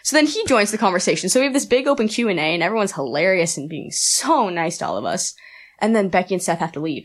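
A young woman guest in a casual interview, telling a story quickly and chattily, with lots of "like" and laughter. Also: mid-range voice, animated. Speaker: aspiring wrestler guest.

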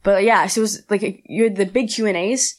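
A young woman talks as a guest on an interview show. She tells her story in a fast, rambling, chatty way, with lots of "like" and bursts of laughter. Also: mid-range voice, fairly even intonation. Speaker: aspiring wrestler guest. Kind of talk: casual interview chat.

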